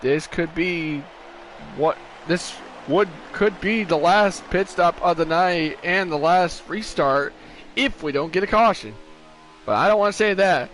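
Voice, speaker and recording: Tired man calling a sim race. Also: fairly high pitch. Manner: casual, rambling, stops to correct himself. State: tired, yawning. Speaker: race commentator. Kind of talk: sim racing commentary on a stream.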